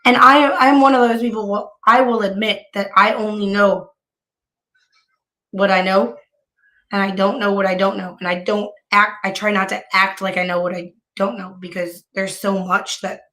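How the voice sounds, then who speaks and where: Hoarse woman with heavy vocal fry. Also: mid-range voice, sharp tone. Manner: rambling, many restarts, chatting to viewers. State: hoarse from bronchitis. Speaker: live streamer. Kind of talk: casual live-stream chat.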